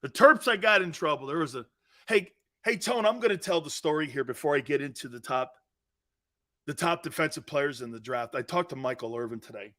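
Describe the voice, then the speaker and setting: A man hosting live sports talk, with a voice sitting a bit higher than most men's. He tells stories with lots of animation, dropping to hushed asides and then surging loud. His banter is blunt and swaggering. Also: animated, brisk. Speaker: sports talk show host.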